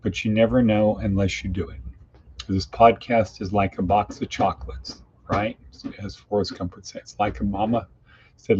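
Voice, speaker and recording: A man's voice: on the low side, level tone, normal speed, darkish tone, breathy edge. A man hosting a daily podcast in a casual, folksy monologue full of plain-spoken idioms. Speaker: podcast host. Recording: dull lo-fi with faint hiss.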